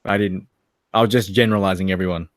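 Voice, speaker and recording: Man, Australian accent, lowish voice, jokey and crude, dry close sound. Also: steady tone, fast talker, dry recording. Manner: joking, laughing and crude. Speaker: livestream co-host. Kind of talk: casual livestream chat.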